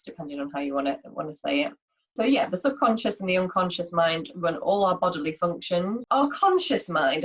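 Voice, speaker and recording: A woman with a lowish voice gives a casual online lunchtime lesson. She explains in a chatty way, often using fillers and restarting her sentences. The audio is dull and lo-fi. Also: a bit bright. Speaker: workshop presenter. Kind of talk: informal online lunchtime talk.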